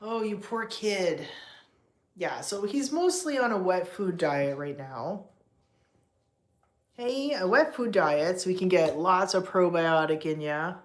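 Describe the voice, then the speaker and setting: A woman's voice: on the low side, expressive, slow pace. A woman hosting a casual livestream with her cats, chatting to viewers, laughing often and cooing at the cats in baby talk. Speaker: livestream host with pet cats.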